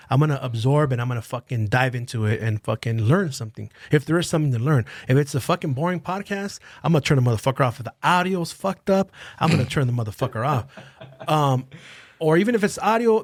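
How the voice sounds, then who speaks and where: A man's voice: on the high side, fast, no room sound, studio quality. A man on a podcast, ranting heatedly, swearing constantly and repeating phrases. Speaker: podcast guest. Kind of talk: casual profane rant. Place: podcast studio.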